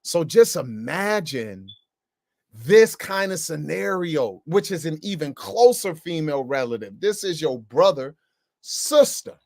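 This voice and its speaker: A man teaching the Bible, slangy and emphatic, his voice a bit high. He pushes hard on key words. The sound is dry and close. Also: lively intonation, a little slow, creaky, a little mellow, no echo.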